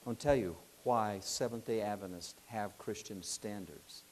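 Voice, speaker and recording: Lively man preaching a sermon. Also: on the low side, normal speed, a little hiss or hum. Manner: lively storytelling, acting out voices, asks the audience questions.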